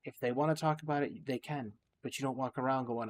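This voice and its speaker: A man's voice: mid-range voice, quick pace, a little hiss or hum. Rambling reflective male gameplay vlogger. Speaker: gaming channel host. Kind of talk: casual gameplay commentary with musings.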